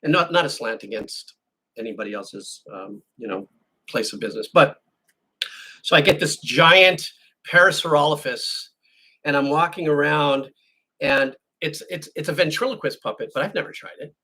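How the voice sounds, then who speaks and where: A man's voice: on the high side, sharp tone, breathy edge. A man hosting a music channel, chatting casually with viewers and telling a rambling story that he keeps restarting and correcting. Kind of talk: casual chat answering viewer questions.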